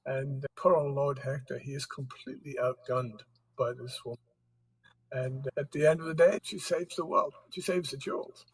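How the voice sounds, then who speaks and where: Husky-voiced male author telling history. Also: medium pitch, fairly even intonation, normal speed, low-quality recording. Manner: explains history in a storytelling way. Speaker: author guest. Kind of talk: interview conversation.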